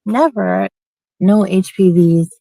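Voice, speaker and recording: A woman's voice: medium pitch, slow pace, creaky, mellow, dry recording. A young woman hosts a casual chat with a feminine, youthful voice. She rambles from one story to the next and laughs often. The sound is close and dry, with no room in it.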